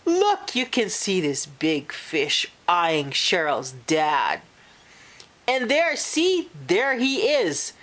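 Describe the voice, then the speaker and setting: A woman reading a children's picture book aloud, animated and expressive, pausing to talk to young listeners. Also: lowish voice. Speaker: storyteller.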